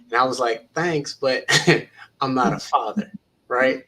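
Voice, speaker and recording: Man, teacher, panel talk, bright tone, earnest and encouraging. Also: mid-range voice, measured pace, low-quality recording. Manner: earnest, encouraging, retells conversations.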